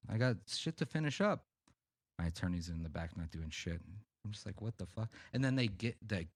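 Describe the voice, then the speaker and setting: A man's voice: fairly low pitch, dry recording, studio quality. A man on a podcast telling a profane, rambling story in casual chat. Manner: rambling, profane, animated anecdotes. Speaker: podcast co-host.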